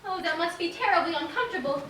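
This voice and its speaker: A woman's voice: very high-pitched, animated, fast talker, heavy background noise. A woman playing Dorothy, a sweet farm girl. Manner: earnest, sweetly polite. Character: young farm girl, polite and kindly. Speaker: stage actor. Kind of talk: live community theater acting. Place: theater stage. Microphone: distant audience camera. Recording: echoey theater heard from far off with music.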